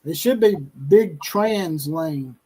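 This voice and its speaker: A man with a drawl runs a casual college football stream. His voice sits noticeably high, and he keeps up a steady stream of jokes and playful jabs at rival fans. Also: slow pace, husky, rough recording. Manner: joking, teasing, trash-talking. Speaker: show host. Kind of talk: casual sports talk stream.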